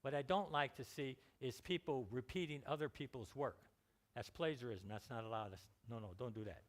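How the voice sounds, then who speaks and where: A man's voice: medium pitch, brisk. Chatty man with Californian accent. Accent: Californian American English. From California, United States. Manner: chatty, joking asides, restarts words. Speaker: guest lecturer on scientific writing. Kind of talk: informal lecture.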